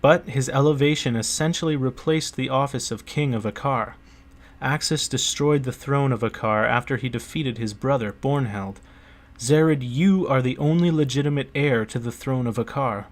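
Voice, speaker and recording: A man's voice: mid-range voice, moderate pace, close to an everyday voice. A man reading an audiobook, voicing an earnest male merchant who urges a prince to claim a throne, in a pleading, persuasive manner. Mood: urgent.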